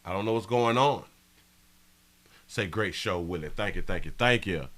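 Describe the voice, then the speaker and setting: A man hosting a live stream, reading viewer comments in a brash, profane way that swings from mumbling to yelling. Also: deep voice, normal speed. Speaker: live show host.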